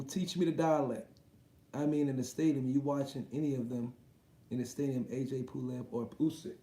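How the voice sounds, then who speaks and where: A man's voice: mid-range voice, steady tone, normal speed, warm tone, reverberant. A man hosting a boxing livestream, reading viewer comments aloud and reacting in loose, slangy, profane casual chat.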